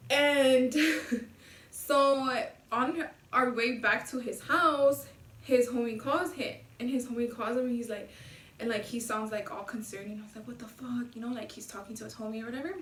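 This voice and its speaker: A slangy young woman vlogger tells a casual storytime, profane and animated, quoting dialogue as she goes. Her fairly high voice keeps a moderate pace, picked up by a low-quality camera mic set at a distance in an echoey room.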